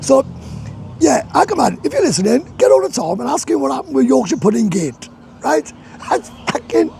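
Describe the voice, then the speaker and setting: A man's voice: extremely high pitch, big pitch swings, normal speed, creaky, mellow, slight background noise. A Welsh man chatting on a casual live stream from a bar, rambling and swearing, laughing often. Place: bar in a hot tourist town.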